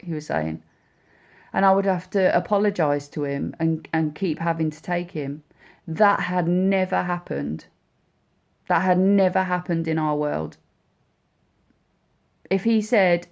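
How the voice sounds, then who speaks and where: A woman speaking as a mother, telling a personal story in a heartfelt, halting way with many repeats and restarts. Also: lowish voice, fairly even intonation, a little mellow. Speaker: mother speaking about her son.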